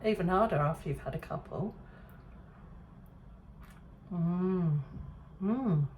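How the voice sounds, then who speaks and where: An English woman hosting a relaxed kitchen demonstration, chatty and self-deprecating, often laughing at herself. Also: on the low side, slow, slight background noise. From England. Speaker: cooking show host. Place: home kitchen.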